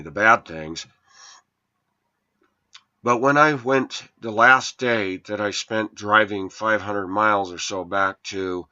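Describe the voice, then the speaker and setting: Sharp in tone but low in pitch, a vlogger rambles through his personal story with an aggrieved, complaining manner. His voice rises when quoting arguments, and the recording sounds lo-fi and dull.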